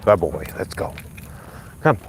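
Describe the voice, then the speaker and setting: Low-voiced man live-streaming a dog walk. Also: measured pace, gravelly, a little hiss or hum. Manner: relaxed and profane, muttering asides, jumps high when praising the dog. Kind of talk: casual live-stream commentary while walking a dog. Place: outdoors on a street. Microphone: phone held while walking.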